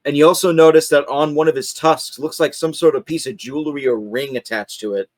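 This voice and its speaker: A man's voice: fairly high pitch, a little fast, no room sound, studio quality. A man running a tabletop game as game master, narrating with many fillers and laughs.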